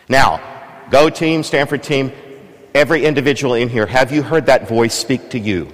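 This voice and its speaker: A male preacher delivers a sermon in a relaxed, conversational way, regularly turning questions back to the congregation. His voice sits at an ordinary pitch for a man. The sound carries a long reverb from a large church. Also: normal speed.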